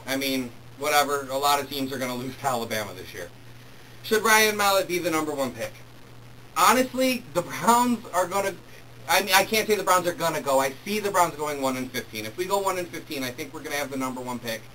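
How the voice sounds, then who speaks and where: A young man hosting his own sports talk show, reading emails and ranting excitedly about football. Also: fairly high pitch, a little fast, a little hiss or hum. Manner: excitable, worked up when ranting. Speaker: host. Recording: distant mic with faint room ambience.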